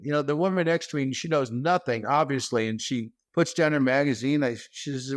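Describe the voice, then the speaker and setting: A man, a stand-up comedian, telling animated, self-deprecating stories as a guest over a video call. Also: medium pitch, brisk, hardly any pauses. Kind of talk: comic storytelling.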